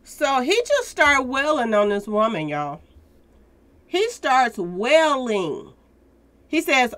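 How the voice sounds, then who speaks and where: Bright-voiced woman giving emphatic commentary. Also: sits high, sing-song, slow pace. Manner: emphatic, repeats points, keeps addressing viewers directly. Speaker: commentary channel host. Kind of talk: casual news commentary to viewers.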